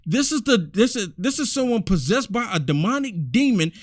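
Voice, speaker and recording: A man hosts a commentary video, his voice sitting high and sounding dry and close. He talks in a preachy, exclamatory way and keeps repeating his words for emphasis. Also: big pitch swings, moderate pace, no room sound. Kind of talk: indignant commentary over clips.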